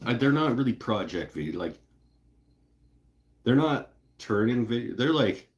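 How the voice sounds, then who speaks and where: A man's voice: medium pitch, big pitch swings, a little slow. A man hosting a woodworking live show, chatting in a rambling, laid-back way with casual swearing. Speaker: woodworking channel host. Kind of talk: casual live-stream chat.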